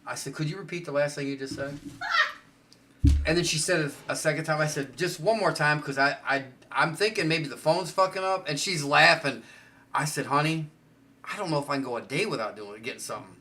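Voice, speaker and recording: Animated middle-aged man telling crude stories. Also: fairly high pitch, a little fast, slight background noise. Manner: crude, animated storyteller who acts out quotes. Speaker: podcast host. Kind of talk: casual storytelling chat.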